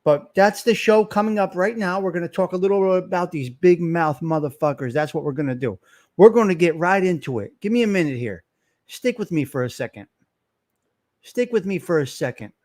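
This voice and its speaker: Loud, fired-up man hosting a livestream. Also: high-pitched, expressive, a little fast. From Italian-American. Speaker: livestream host. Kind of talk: casual livestream chat.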